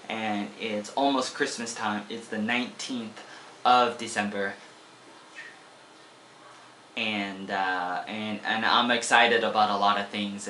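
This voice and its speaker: A man's voice: lowish voice, pushed and bright, reverberant, slight background noise. An American man in his twenties, an English teacher from Oregon, talking in a rambling, playful way in a casual teaching vlog. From Oregon, USA. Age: 20s. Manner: rambling, playful, repeats words as he goes.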